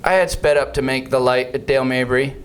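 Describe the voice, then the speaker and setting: A man co-hosting a casual comedic talk show, teasing his partner and telling stories with quick wit. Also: mid-range voice, steady tone, slight background noise, rough recording. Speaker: co-host.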